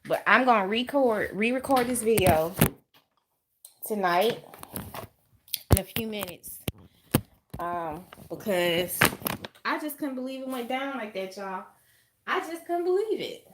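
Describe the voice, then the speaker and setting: Southern woman telling a kitchen story slowly. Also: fairly high pitch. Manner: animated, drawn-out storytelling with many "honey" and "y'all". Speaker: home baker vlogger. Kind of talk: casual chat to camera. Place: home kitchen. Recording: noisy kitchen with clattering dishes. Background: clinking dishes and utensils.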